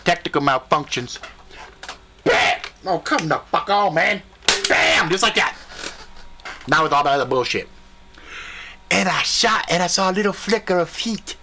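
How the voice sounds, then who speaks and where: Animated, bright-voiced male storyteller. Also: on the high side, normal speed, vocal fry, long pauses, a little hiss or hum. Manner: animated, profane, jumps into voices and sound effects. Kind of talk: comedic spoken storytelling.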